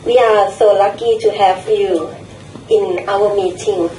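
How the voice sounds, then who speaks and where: A woman's voice: mid-range voice, fairly even intonation, a little slow, mellow, distant mic, a little hiss or hum. A woman chairing a speaking club meeting, polite and hesitant. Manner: polite and hesitant, with many ums. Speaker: toastmaster of the day. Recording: echoey room, picked up from afar.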